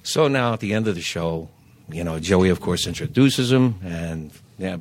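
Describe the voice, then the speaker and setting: An older man, a singer guest telling lively anecdotes in casual chat, stammering on restarts and acting out other people's lines. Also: sits low, moderate pace, no room sound. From Philadelphia. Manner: animated anecdotes, acts out quoted voices, stammers restarts.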